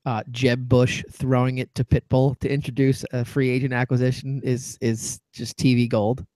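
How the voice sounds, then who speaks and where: A man's voice: medium pitch, level tone, moderate pace, dark tone, dry recording. Wry male sports podcast host. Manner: wry, reads out listener messages. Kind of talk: casual sports talk.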